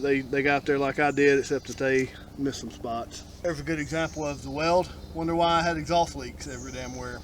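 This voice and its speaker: A man's voice: on the high side, slight background noise. A man explaining his own car repair outdoors in a blunt, wry, casual how-to style, grumbling about shoddy work. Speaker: DIY car repair vlogger. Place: outdoors working on a Jeep.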